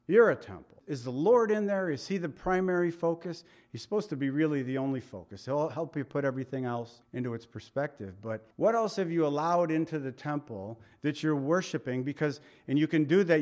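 Conversational man preaching a sermon. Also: a little high. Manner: conversational, asks the congregation questions. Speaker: pastor.

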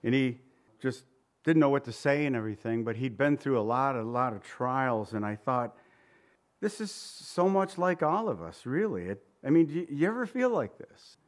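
A male pastor with a medium-pitched, sing-song voice preaches at a moderate pace, reading scripture in old-fashioned wording and putting conversational questions to the congregation.

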